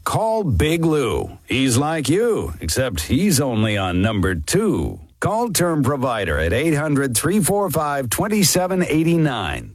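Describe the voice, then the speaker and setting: A man's voice: mid-range voice, dry recording. A man reading a scripted radio ad with a wry, punchy sales delivery. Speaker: ad announcer.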